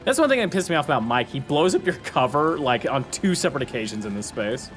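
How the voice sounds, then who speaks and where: A man's voice: mid-range voice, sing-song, fast talker, a bit bright. A man hosting a let's play, commenting casually and playfully on his gameplay, laughing often and doing goofy voices. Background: game music and gunfire.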